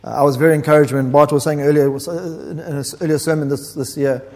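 A man's voice: fairly high pitch, steady tone, fast, a little mellow. A man preaching a sermon in an earnest, explanatory way, often restarting his phrases. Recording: long hall reverb.

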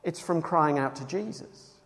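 A man preaching a sermon, emphatic and earnest, moving between loud cries and hushed tones. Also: on the high side, measured pace, in a large hall.

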